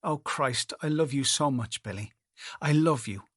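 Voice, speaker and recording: A man's voice: mid-range voice, a little slow, a bit bright, husky, no room sound, studio quality. A man voicing an anxious, tearful young wife who pleads and clings, read as audiobook dialogue. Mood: pleading.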